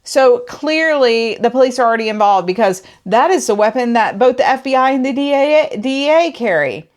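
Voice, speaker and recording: A woman's voice: fairly high pitch, lively intonation, moderate pace. Woman, casual book reviewer, dry sarcasm, fed-up tone. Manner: sarcastic, exasperated.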